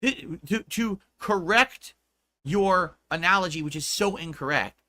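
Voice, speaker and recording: A man's voice: sits high, measured pace, pushed and bright. A man streaming live, talking to his chat in an indignant, lecturing way, arguing back and asking for support. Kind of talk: livestream talk to chat.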